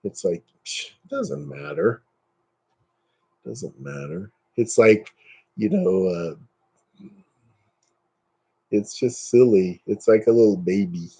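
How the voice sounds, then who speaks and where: A man hosting a casual live stream, chatting with viewers and ranting dismissively, his pitch jumping up when he gets worked up. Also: expressive, slow pace, pauses often, dark tone, breathy edge.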